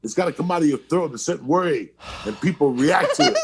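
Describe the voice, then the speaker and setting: A man voicing a brash male coworker who insists in dead earnest that he must practice yelling at people to freeze. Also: fairly high pitch, expressive, fairly quick, breathy edge, pitched above the performer's own voice. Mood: insistent. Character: brash adult male coworker set on robbing banks.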